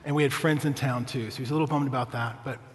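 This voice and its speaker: A man's voice: medium pitch, fairly even intonation, fast talker, big-room sound, a little hiss or hum. A male pastor preaching a sermon, telling a family story with humor and often asking the congregation "right?".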